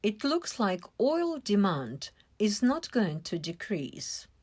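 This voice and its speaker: Woman, English teacher, slow and deliberate, lively melodic delivery. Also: mid-range voice. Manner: slow, careful explaining with stressed syllables. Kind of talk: vocabulary lesson.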